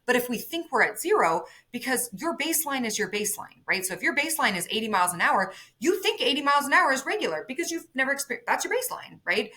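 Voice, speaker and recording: A woman with a bright, forward voice talks as an interview guest, explaining technical ideas through everyday analogies. She keeps checking in with the listener and slips into quoted voices as she goes. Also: high-pitched, fast talker, few pauses. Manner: animated, explains with everyday analogies, says "right?" often. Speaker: neurofeedback clinic executive, guest. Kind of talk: conversational interview.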